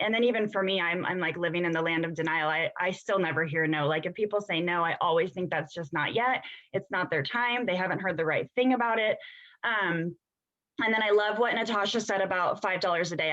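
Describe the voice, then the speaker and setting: A woman's voice: mid-range voice, a bit bright. A woman coaches on a video call in a chatty way, full of ums and you-knows. Her voice comes through muffled and lo-fi. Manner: chatty, laughs easily, many fillers. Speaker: co-host.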